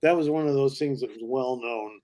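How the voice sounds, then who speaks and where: An older male comedian as a podcast guest, telling long showbiz stories in a lively way and slipping into character voices. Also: medium pitch, brisk. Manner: lively raconteur who slips into character voices. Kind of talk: anecdotal storytelling.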